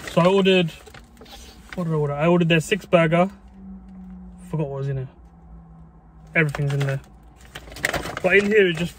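A young man, chatting excitably in a casual food review vlog and dropping mild swears and "mate". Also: fairly high pitch, background noise. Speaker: food vlogger.

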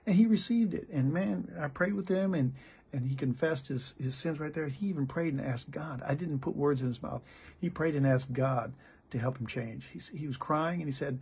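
A middle-aged man from the United States preaches with a rough, creaky rasp running through every phrase. He talks bluntly and plainly, like a pastor giving real talk. He often stumbles and restarts mid-sentence. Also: medium pitch, moderate pace, a little mellow. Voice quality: gravelly and very raspy. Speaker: pastor and missionary. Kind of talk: candid sermon.

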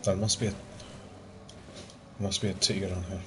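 A young man talks through a gaming session on a headset, cursing and cracking jokes with his friends. His voice sits somewhat low. Game sounds come through clearly behind him. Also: little pitch movement, brisk. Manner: sweary, joking, sighs often. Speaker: gamer playing with friends online. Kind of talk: casual gameplay chat. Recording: noisy game capture.

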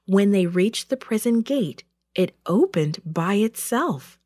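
A woman tells a children's Bible story at an unhurried pace, her pitch rising and falling with expression. The recording is close and dry. Her reading is deliberate and clear. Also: lively intonation, darkish tone, dry recording. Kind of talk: storybook narration.

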